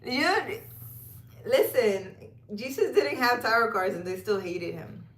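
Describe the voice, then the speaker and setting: Slow-talking woman on a night walk. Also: medium pitch, expressive. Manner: chatty, laughs often, addresses viewers by name. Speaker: livestream tarot reader. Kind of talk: casual live chat reading viewer comments. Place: outdoor park at night.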